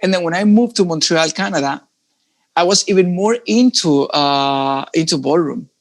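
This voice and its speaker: A man's voice: a little high, moderate pace. A man from Mexico with a Mexican accent who speaks English as a second language. He chats casually as a guest and laughs often. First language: Spanish. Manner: laughs often, says "bro" a lot. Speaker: guest salsa dancer. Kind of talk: casual interview chat.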